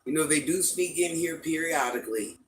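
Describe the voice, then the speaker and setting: A woman's voice: low voice, brisk, slight background noise, low-quality recording. An older woman hosting a casual livestream from home, chatting with viewers and greeting them with pet names. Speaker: livestream host.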